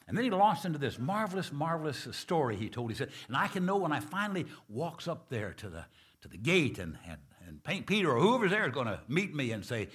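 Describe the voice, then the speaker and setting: A man preaching a sermon, telling stories in a folksy, animated way that swings from loud exclamations to hushed tones. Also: on the high side, fast, husky. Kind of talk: sermon with storytelling.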